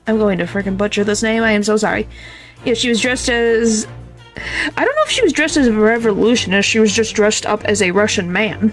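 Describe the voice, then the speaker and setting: A woman's voice: medium pitch, brisk. A young woman streamer chatting casually about a game, giggly and self-deprecating as she stumbles over names. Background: faint game music.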